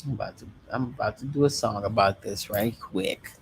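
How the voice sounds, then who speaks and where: A man with a lowish voice talks a little fast as a guest and show host on a late-night livestream. He chats casually, meandering through loose sign-offs and addressing his viewers. Slight background noise is audible.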